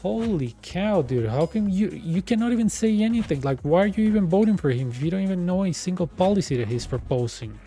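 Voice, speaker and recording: Young guy w venting on stream, keeps saying dude, warm mellow tone, music low behind. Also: animated, brisk, hardly any pauses. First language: Spanish. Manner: exasperated, rambling, says dude a lot. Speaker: gaming streamer. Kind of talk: casual rant while gaming.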